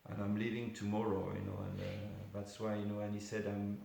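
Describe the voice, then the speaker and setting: A man's voice: lowish voice, completely flat delivery, a little fast, gravelly, warm tone. A man giving an informal class at a temple, telling a story conversationally with many asides. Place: temple hall. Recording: very echoey room with faint hiss.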